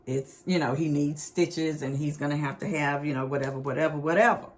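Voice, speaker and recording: A middle-aged woman, telling a family story in a casual, animated, expressive vlog. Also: low-pitched, a little fast. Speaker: vlog host.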